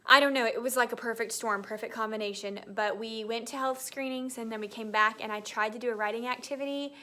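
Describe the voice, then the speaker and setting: A woman's voice: a little high, steady tone, fast talker, bright, forceful tone. A young woman, an elementary school teacher talking in a casual, chatty vlog and laughing often.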